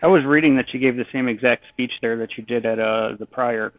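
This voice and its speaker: A man's voice: medium pitch, a little fast, no room sound. A man co-hosting a casual talk show cuts in with dry, wisecracking remarks. His voice comes through a thin, phone-like line, with a dead, dry sound and no room around it. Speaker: podcast co-host. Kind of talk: casual chat.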